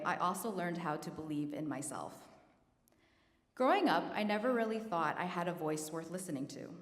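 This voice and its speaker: A woman in her thirties giving a prepared award acceptance speech, earnest and self-deprecating, holding back tears. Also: lowish voice. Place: large hall at an awards ceremony. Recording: echoey hall, roomy reverb.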